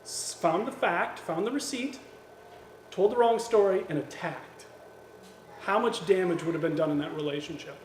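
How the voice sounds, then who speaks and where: A man preaching a sermon, lively and acting out quoted voices, with gentle humor. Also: sits high, moderate pace, a little hiss or hum. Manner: animated, acts out quoted voices with jokes. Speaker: pastor. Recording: echoey church hall with faint ambience.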